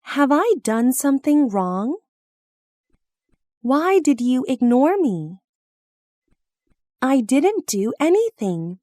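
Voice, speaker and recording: Woman reading practice phrases, very slow, bright up-and-down lilt, close dry sound. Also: sits high, big pitch swings, no echo. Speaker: phrase reader.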